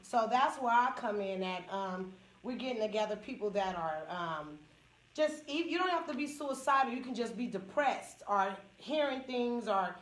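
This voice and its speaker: Speaking at a moderate pace with lively intonation and a pitch on the high side, a woman with a Northern California accent recounts a personal story openly for a small group. She is a comedian and support group speaker who laughs frequently and imitates people's words. The mic is distant and the room echoes.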